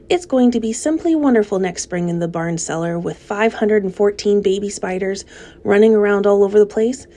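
A woman voicing a naive, excitable young male pig in a storybook reading, pitching up and sounding wide-eyed.

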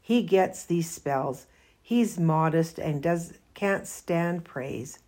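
A woman reading aloud voices a flustered male farmer who hollers excitedly about his pig. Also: lowish voice, drawn-out words, exaggerated voice.

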